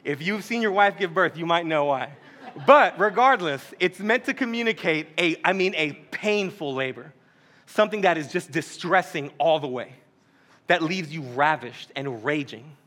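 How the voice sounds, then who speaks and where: A male pastor preaching a sermon in a casual, joking way, using slang and quick asides. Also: a little high, lively intonation, pushed and bright.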